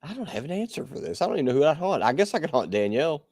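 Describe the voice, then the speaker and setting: A man co-hosting a podcast in casual chat, animated and laughing, swearing freely. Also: a little high, racing, breathy edge, no room sound, studio quality. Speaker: podcast co-host.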